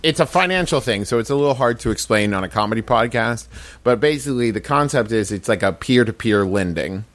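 A man's voice: mid-range voice, lively intonation, fairly quick. A man co-hosting a comedy podcast who gives a loose, casual ad read full of restarts. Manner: explains things loosely, with restarts. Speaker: podcast co-host.

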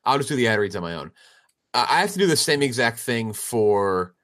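A man's voice: medium pitch, animated, fairly quick, a bit bright. A man co-hosting a podcast, telling stories in casual banter with frequent laughs. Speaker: podcast co-host.

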